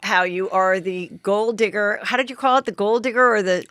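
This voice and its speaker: A woman's voice: medium pitch, normal speed, a bit bright, clean tone, no room sound. A woman hosting a podcast, prompting her guest with short questions in casual chat. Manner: prompting, reacts with gasps. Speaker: podcast host.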